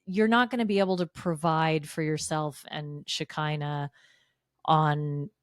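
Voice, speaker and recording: A woman co-hosting a podcast, recapping a reality show with dry, deadpan sarcasm. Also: sits low, unhurried, dry recording. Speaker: podcast co-host. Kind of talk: casual recap chat.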